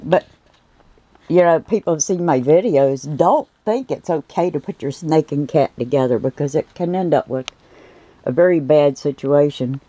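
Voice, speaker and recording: A woman's voice: low-pitched, moderate pace, warm tone, no echo, low-quality recording. A woman at home at night, filming with a handheld camera as she coos at and scolds her pets in a sing-song voice, then talks to the viewers. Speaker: pet keeper vlogger. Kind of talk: casual talk to her pets while filming.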